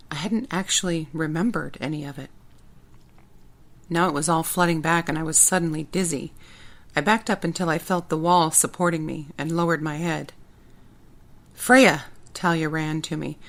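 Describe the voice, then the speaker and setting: Woman author narrating her audiobook, first person, low and steady. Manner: plain, steady storytelling.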